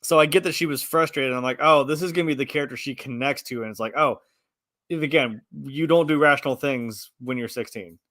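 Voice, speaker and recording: A man in his thirties chatting casually as a film review podcast co-host, rambling and animated, acting out his own reactions. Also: medium pitch, a little fast, dry recording, studio quality. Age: 30s. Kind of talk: casual chat.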